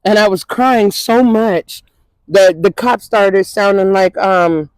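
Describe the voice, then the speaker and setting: A woman from Minnesota's Twin Cities, a guest in an interview, gives emotional personal testimony in a loose, repetitive, conversational way, full of "you know what I'm saying." Her voice is medium-pitched, slow, and a little mellow. There's no echo, but the audio is poor.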